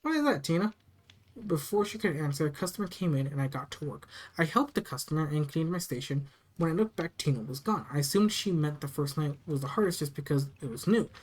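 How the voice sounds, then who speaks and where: Horror story narrator, first-person, steady plain reading, mid pitch. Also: quick pace, poor audio.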